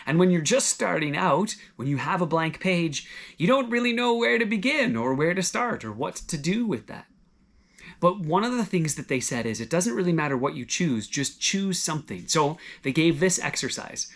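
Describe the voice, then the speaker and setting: A man with a slightly high voice delivers a sermon in a relaxed, conversational way. He encourages his listeners gently and talks through everyday examples as though chatting with a friend. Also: normal speed. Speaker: pastor.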